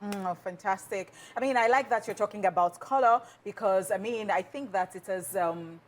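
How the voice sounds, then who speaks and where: A woman co-hosting a TV chat show, excitable and quick to laugh as she questions a guest. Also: mid-range voice, a little hiss or hum. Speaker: talk show co-host. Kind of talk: casual interview chat.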